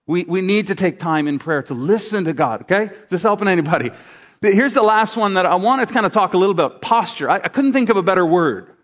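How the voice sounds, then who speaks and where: A man's voice: high-pitched, expressive, fast. Man preaching in a reverberant hall. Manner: conversational preaching with acted asides. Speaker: pastor. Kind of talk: sermon. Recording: dull sound in a large reverberant room.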